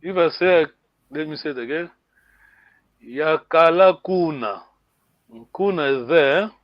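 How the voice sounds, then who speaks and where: This muffled, echo-free clip features a man whose voice is on the high side and a little slow. He's giving an online language lesson with patience, repeating words and often checking in with a "yeah?" to confirm students understand.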